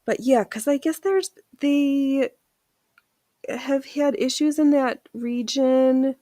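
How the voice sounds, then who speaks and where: A woman's voice: a little high, dark tone, dry recording. A woman hosting a casual live sewing stream. She laughs often and reads viewer comments aloud as she works. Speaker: livestream host.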